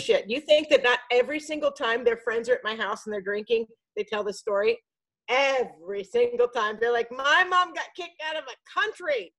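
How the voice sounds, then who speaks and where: A middle-aged woman telling a story in casual chat, animated and swearing freely. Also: high-pitched, poor audio. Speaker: podcast guest. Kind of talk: casual storytelling on a group video call.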